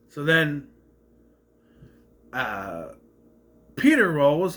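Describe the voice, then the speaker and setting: A man's voice: on the high side, very animated, takes it slowly, long pauses, a bit bright. A man casually recapping a movie plot, rambling and correcting himself as he goes. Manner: rambling, self-correcting retelling.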